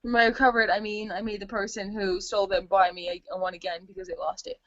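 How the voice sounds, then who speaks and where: A woman's voice: medium pitch, lively intonation, fast, a bit bright, no room sound. A woman co-hosting a casual gaming podcast, giggling often, swearing freely and trailing off into restarts. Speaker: podcast co-host. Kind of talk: casual chat. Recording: dull lo-fi home recording.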